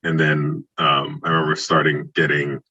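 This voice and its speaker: A man in his forties from Trinidad, telling stories in a casual podcast interview, animated and acting out quoted dialogue. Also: very deep voice, normal speed, lo-fi sound. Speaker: guest, former football player.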